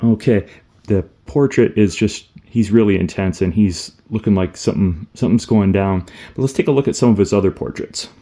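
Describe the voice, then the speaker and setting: A man's voice: fairly low pitch, fairly quick, mellow. A man casually reviewing an action figure, meandering and thinking aloud as he handles each piece. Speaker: toy reviewer.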